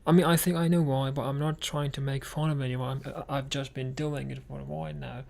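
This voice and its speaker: A man's voice: medium pitch, flat delivery, fairly quick, vocal fry, a little mellow. A tired, sleepy man chatting casually with his viewers, rambling and slipping into whispers, and calling everyone darling. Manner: drowsy, rambling, often drops to a whisper; keeps calling people darling. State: sleepy and tired after surgery. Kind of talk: casual chat.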